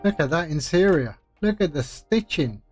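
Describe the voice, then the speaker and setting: Brief: male streamer, slightly high voice, unhurried chatty commentary over faint music. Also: animated. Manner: chatty, talks through each step, friendly asides. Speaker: flight sim streamer. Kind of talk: live-stream commentary while playing.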